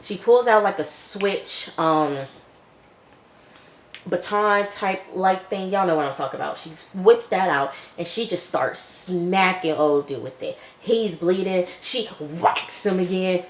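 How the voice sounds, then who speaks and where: Brief: deep-voiced woman reviewer, chatty offhand recap, echoey room. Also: a little slow. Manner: chatty, loose retelling full of "like" and "you know". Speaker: TV episode reviewer. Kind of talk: casual episode recap.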